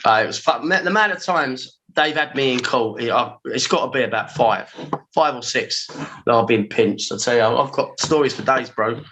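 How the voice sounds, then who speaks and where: A man in his forties with a London accent tells his stories in a casual podcast chat. His voice is bright and forceful, full of slang, and he acts out his own past reactions with vivid energy. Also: medium pitch, normal speed, slight background noise, poor audio. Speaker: podcast guest, former pirate radio engineer.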